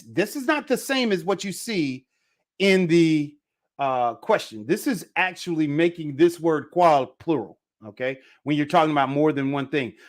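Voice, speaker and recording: A man teaching a casual live online Spanish lesson, repeating phrases slowly for pronunciation. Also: fairly high pitch.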